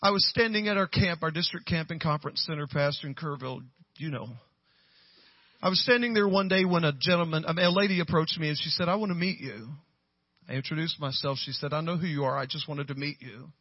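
A man, telling stories from the pulpit and rising to loud, high-pitched peaks. His voice sits a little high for a man and sounds husky and dry. The recording is dull and muffled. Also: fast, dry recording. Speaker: guest pastor. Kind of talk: storytelling sermon.

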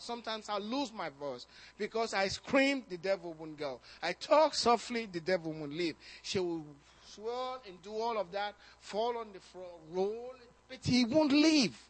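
A man pastor preaching a sermon, telling personal stories in an animated way, often repeating words and rising in excitement. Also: sits high, measured pace, hardly any pauses.

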